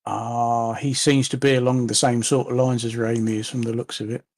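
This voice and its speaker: A man's voice: mid-range voice, flat delivery, a little fast, a little mellow, dry recording. A man, co-hosting a casual live chat with dry, joking banter.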